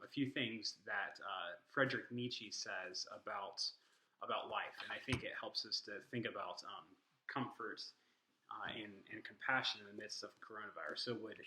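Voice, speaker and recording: A man's voice: lowish voice, bright, forceful tone, reverberant, slight background noise, low-quality recording. A man teaching an informal lesson on worldviews, earnest and stressing the quotes he reads aloud. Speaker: Christian apologetics teacher.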